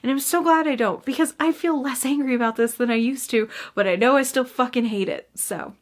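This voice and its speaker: A woman's voice: high-pitched, fairly quick. A woman giving a casual book review full of cranky, profane rants and emphatic repetition. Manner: gestures a lot while talking.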